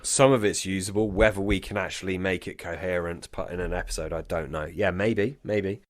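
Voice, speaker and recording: A man's voice: low-pitched, steady tone, brisk, dry recording. A drunk man co-hosting a podcast in casual chat, rambling and swearing as he goes off on tangents. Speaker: podcast co-host.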